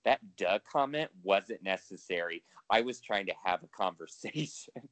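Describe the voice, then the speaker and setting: A man's voice: on the low side, lively intonation, moderate pace, fairly bright tone, no echo. A man co-hosting a podcast in casual chat, talking freely with lots of swearing and laughter. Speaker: podcast co-host.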